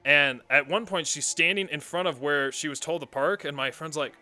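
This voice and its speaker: A man's voice: fairly high pitch, normal speed, bright, forceful tone, faint music behind. A young man streaming a game, telling a rambling story with frequent laughter and casual swearing.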